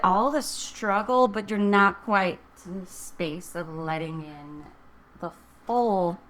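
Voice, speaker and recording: A woman's voice: on the low side, fairly bright tone, slight background noise. Woman, tarot reader, casual reading to camera, chatty, encouraging, thinking aloud.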